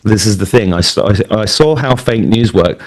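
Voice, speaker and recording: A man's voice: fairly low pitch, moderate pace. A British man in his fifties telling personal stories in a rambling, candid way, often restarting his sentences. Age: 50s. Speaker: guest speaker. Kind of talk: personal storytelling talk.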